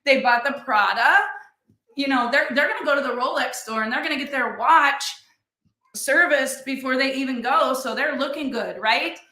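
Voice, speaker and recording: With a high-pitched voice at normal speed, this middle-aged businesswoman delivers a motivational talk in a roomy, echoing space. She tells lively stories, performs what others said, and drops "like" constantly.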